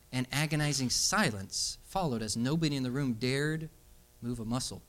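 A man's voice: medium pitch, normal speed. A young adult man preaching a sermon. He tells stories and then builds to emphatic calls to stand up for what is right. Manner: storytelling, animated, emphatic exhortation.

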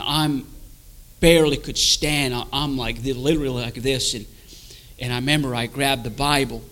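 A man giving an emotional personal testimony to a pastor in church, halting and stammering, repeating himself and swinging between hushed and urgent. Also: medium pitch, rough recording.

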